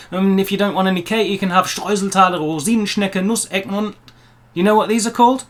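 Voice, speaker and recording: Man, high voice, casual vlog to camera, chatty, upbeat, playful asides. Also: fairly even intonation, brisk. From England. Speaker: vlogger.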